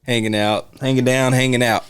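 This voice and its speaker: A man co-hosting a casual film discussion podcast, relaxed and laughing as he retells scenes. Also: mid-range voice, brisk, clean tone. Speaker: podcast co-host.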